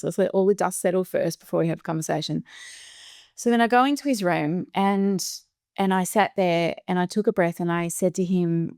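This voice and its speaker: A middle-aged Australian woman hosting a podcast, telling a story in a casual, animated way, often laughing and acting out the voices of the people she quotes. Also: lowish voice, smooth, no room sound, clean studio sound. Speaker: podcast host.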